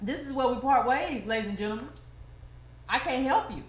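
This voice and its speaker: A woman's voice: high-pitched, lively intonation, fairly quick, echoey room. A woman hosting her own channel, giving indignant, emphatic commentary and repeating herself for emphasis. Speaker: political commentator, channel host. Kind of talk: impassioned video commentary.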